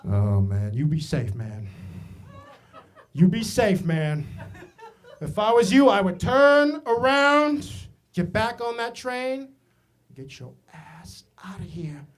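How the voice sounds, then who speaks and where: A comedian voicing a mocking adult street man who drawls slow, laughing warnings. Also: sits high, big pitch swings, heavily acted.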